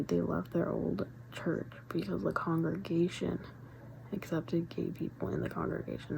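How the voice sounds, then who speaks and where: A woman's voice: sits low, creaky, warm tone, a little hiss or hum, low-quality recording. A young adult woman vlogger in casual rambling chat, full of fillers and often dropping to a whisper.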